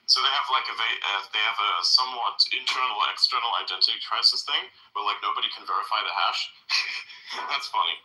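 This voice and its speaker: Podcast host, man, rambling and profane, bright edgy voice, echoey room. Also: lowish voice, lively intonation, normal speed, pauses often. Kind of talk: casual chat.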